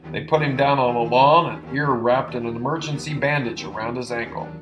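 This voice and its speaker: A man reading an adventure novel aloud in an expressive, dramatic narration. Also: medium pitch, moderate pace, dull audio, music in the background. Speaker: audiobook narrator. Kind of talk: audiobook narration.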